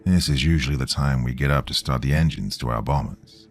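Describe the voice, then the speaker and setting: A man's voice: rumbling low, fairly quick, soft background music, voice pushed down. A man voicing a weary American airman lieutenant who talks bluntly and curtly. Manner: blunt, curt.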